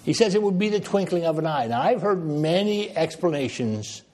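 A male preacher with a husky, breathy voice delivers a sermon. He swings from raised, emphatic phrases down to low, quiet ones. Casual asides and light self-mocking humor break up his preaching. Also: animated, moderate pace. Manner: dramatic, with wide swings in pitch and loudness.

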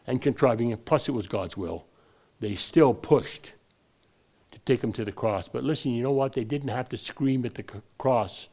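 Gravelly-voiced male preacher. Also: medium pitch, moderate pace, darkish tone. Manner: digressive, frequent restarts, rising emphasis on key points. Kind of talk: sermon.

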